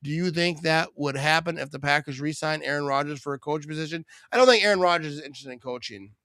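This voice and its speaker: A man hosting a live sports watch party, chatting casually, joking and reading viewer comments, breaking into excited play-by-play on big plays. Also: on the high side, fast, no room sound. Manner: rambling, joking, reads viewer comments aloud.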